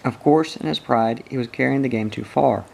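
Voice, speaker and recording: A man reading a storybook aloud as narrator, measured and expressive. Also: mid-range voice, gravelly.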